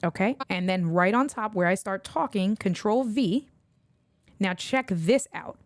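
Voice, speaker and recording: A chatty woman with a New York accent talks through her video edits on a casual livestream. She thinks out loud and drops little muttered asides as she goes. Her voice sits in a middle range, and the sound is close and dry. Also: medium pitch, animated, unhurried, no echo. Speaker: livestream host. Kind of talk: casual screen-share tutorial.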